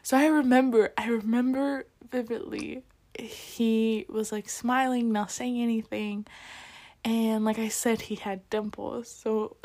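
A woman's voice: on the high side, steady tone, takes it slowly. A young woman vlogging casually, retelling a story with lots of quoted dialogue and filler words.

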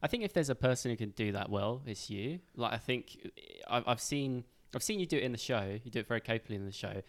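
A man's voice: medium pitch, animated, fast talker. A male podcast host in casual chat, encouraging and chatty, speaking in a backstage green room.

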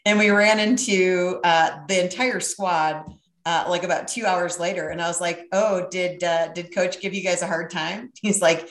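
A middle-aged woman telling a brash, profane, animated story in casual chat. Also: on the low side, unhurried, echoey room.

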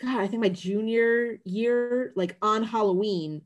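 A woman's voice: on the high side, measured pace, dull audio. A woman from northern Connecticut with a slight Worcester-like Massachusetts accent, telling stories casually with many fillers as a podcast co-host. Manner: relaxed storytelling, many "like"s. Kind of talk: casual chat.

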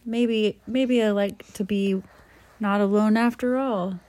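A woman playing a lonely, aloof female dragon in a made-up story, speaking in a plain, slow, matter-of-fact way. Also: mid-range voice, fairly even intonation, dark tone, dry recording, close to an everyday voice. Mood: warming. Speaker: parent joining a child's made-up story. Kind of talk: improvised bedtime-story role-play.

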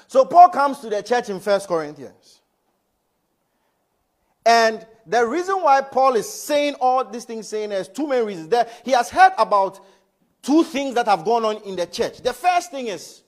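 High, animated preacher man in church. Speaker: pastor. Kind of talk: sermon.

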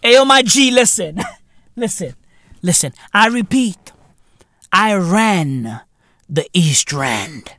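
Speaking slowly and pausing often, a man with a high-sitting voice rants through a podcast monologue as its host. He's South African, and his delivery is animated, profane and packed with slang fillers. There's no echo.

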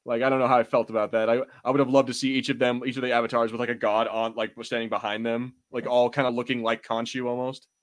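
A young man hosting a podcast in casual chat, animated and quick to curse, his pitch jumping when he gets excited. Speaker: podcast host.

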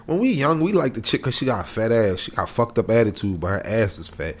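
A man co-hosting a podcast in loose, profane casual chat, telling stories with laughter and sudden high exclamations. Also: big pitch swings, fast. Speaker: podcast co-host.

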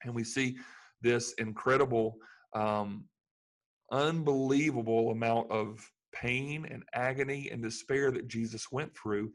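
A man's voice: medium pitch, steady tone, a little slow. A man preaching a sermon in an earnest manner, building to fervent emphasis. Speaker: pastor.

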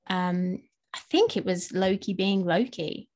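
A woman's voice: fairly low pitch, measured pace, darkish tone. A woman with an English accent co-hosting a podcast, chatting casually and rambling with many fillers and restarts. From England. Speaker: podcast co-host. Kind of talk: casual chat.

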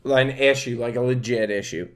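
A man's voice: mid-range voice, steady tone, moderate pace. A man co-hosting a podcast in casual chat, laughing easily and swearing casually. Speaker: podcast co-host.

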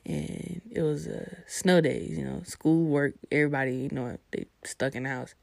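A woman's voice: low voice, steady tone, moderate pace, gravelly, darkish tone, no room sound. A young adult woman telling a personal story in a casual, laid-back and profane way.

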